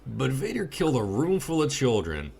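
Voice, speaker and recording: A man's voice: mid-range voice, moderate pace, creaky, noisy background. A man co-hosting a podcast, reviewing a movie in casual chat, blunt and profane as he tells stories. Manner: blunt, profane, animated storytelling. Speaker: podcast co-host.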